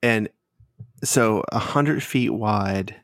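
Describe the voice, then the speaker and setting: Man, game master, casual tabletop narration, low pitch, dry. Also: extremely slow, no room sound. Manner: casual, laid-back, swears now and then.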